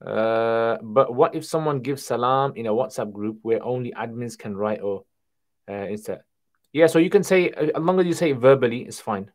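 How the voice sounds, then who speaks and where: A man hosting a casual livestream Q&A, reading viewer questions aloud and answering them in a relaxed conversational way. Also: medium pitch, normal speed. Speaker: Islamic Q&A livestream host.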